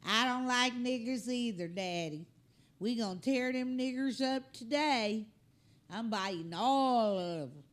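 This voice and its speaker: A woman voicing a hateful male attack dog with a Southern US country twang, talking loud and drawling. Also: on the high side, a little slow, natural voice. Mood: vicious.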